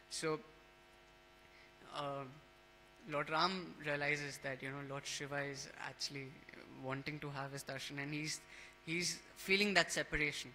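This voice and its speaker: Bright-voiced man telling a scripture story. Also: a little high, slight background noise, low-quality recording. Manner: storytelling with many restarts and fillers. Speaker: speaker at a temple class.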